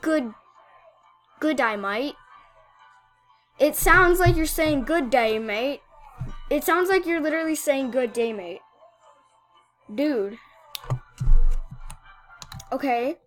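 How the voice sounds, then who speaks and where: Woman with a high voice chatting through a game, slow and rambly, tons of likes and ums, gets excited. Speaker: gaming video host. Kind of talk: casual gameplay commentary.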